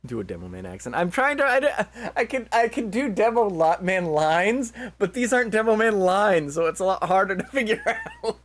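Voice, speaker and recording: A man's voice: high-pitched, big pitch swings, normal speed, a bit bright, no echo. A man casually reading a visual novel aloud and joking between lines, laughing often.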